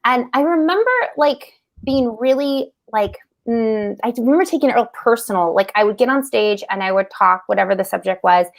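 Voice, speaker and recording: A middle-aged woman who co-hosts a podcast tells a story about public speaking in a casual, animated way, often adding "like" and "right?". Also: on the high side, fairly quick, vocal fry. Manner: animated, frequent "like" and "right?" asides.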